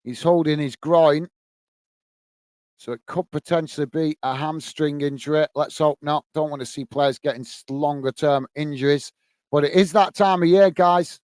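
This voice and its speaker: A man's voice: on the high side, fairly even intonation, normal speed, darkish tone, no echo. A man from England hosting a live football watchalong, casually commentating the play and chatting to viewers. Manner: casual, chatty, calls viewers mate and guys. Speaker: watchalong host.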